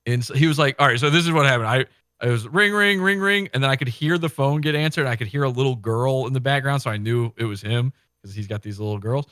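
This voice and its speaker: A man chatting on a podcast, telling a story in an animated way. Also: mid-range voice, quick pace, no room sound, studio quality. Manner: animated storytelling, acts out quotes. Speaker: podcast guest. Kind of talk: casual chat.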